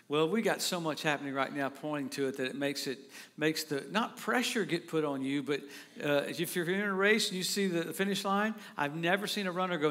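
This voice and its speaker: A middle-aged man preaching a sermon. His voice sits on the high side for a man. He is excitable and laughs often, and at times he breaks into loud shouts. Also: a little fast. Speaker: pastor.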